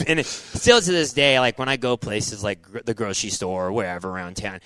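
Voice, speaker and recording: A man in his forties, a former motocross racer, telling his story in a casual podcast interview, animated and full of "dude" and "like". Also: lowish voice, brisk, few pauses, clear, resonant tone. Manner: animated, says "dude" and "like" a lot, acts out his own past thoughts.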